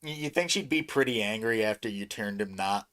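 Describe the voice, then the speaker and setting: A man's voice: lowish voice, brisk. A man co-hosting a casual podcast, laughing often and stammering as he talks. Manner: giggly, stammering, animated. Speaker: podcast co-host.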